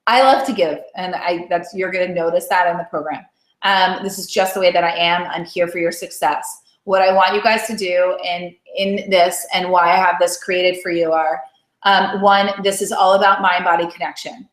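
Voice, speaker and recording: A woman's voice: on the low side, steady tone, normal speed. A woman weight-loss coach leading a motivational live call. She talks in a chatty, encouraging way and keeps checking in with "right?". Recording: roomy echo.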